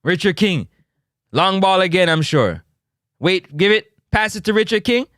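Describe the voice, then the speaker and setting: A man's voice: sits high, expressive, measured pace, a bit bright, no room sound, clean studio sound. A young man, giving exasperated, pleading commentary over a football match replay. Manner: exasperated, pleading, repeats himself. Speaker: football review host.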